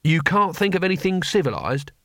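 A man's voice: high voice, expressive, a little fast, sharp tone, no room sound, studio quality, pitched above the performer's own voice. A man voicing a very old, blunt barbarian hero who mocks his foes. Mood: gruff. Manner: blunt and mocking.

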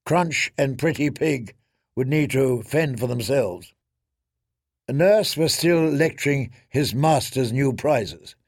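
Male audiobook narrator: unhurried, gravelly, dry studio read. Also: mid-range voice, expressive, no room sound. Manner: measured, dramatic storytelling.

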